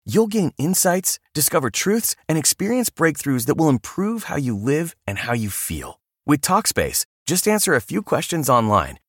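Man reading an ad, pitch swooping widely. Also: slightly rough, dry recording, clean studio sound. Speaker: ad reader. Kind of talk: scripted ad read.

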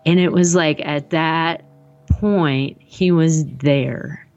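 A woman's voice: low voice, very slow, darkish tone, highs cut off. A woman telling a personal story in conversation, rambling and acting out the dialogue with lots of "like". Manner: rambling, acts out the dialogue, frequent "like".

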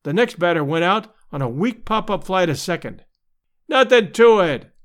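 Lively, animated male story narrator. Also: high voice, fairly quick. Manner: lively, expressive storytelling with voiced crowd shouts. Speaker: audiobook narrator. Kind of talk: dramatic scripted narration.

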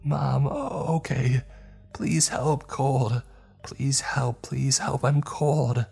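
Brief: male reader doing a high, faraway child-mimic creature, repetitive pleas for help, horror storybook. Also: fairly even intonation, extremely slow, creaky, warm tone, breathy edge, faint music behind, full character voice. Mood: pleading. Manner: pleading, repetitive, broken calls. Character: unseen creature mimicking a cold lost child.

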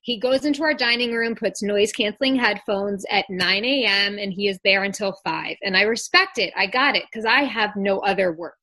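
A woman's voice: medium pitch, moderate pace, hardly any pauses, sharp tone. A woman in her thirties co-hosting a podcast, chatting candidly and rambling, full of "like" and the odd swear. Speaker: podcast co-host. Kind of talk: casual chat.

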